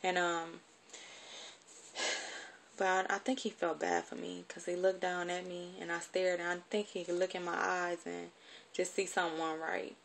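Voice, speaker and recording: A woman recounts a personal story in a halting, informal way, with lots of fillers. Her voice sits low with a gravelly fry. The talk stays loose and conversational. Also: level tone, slight background noise. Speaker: vlogger.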